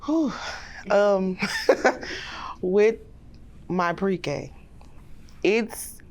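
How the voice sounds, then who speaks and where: A woman's voice: mid-range voice, expressive, drawn-out words, darkish tone. A woman pre-K teacher telling classroom stories in a casual podcast interview, plainspoken and quoting the children and herself in livelier voices.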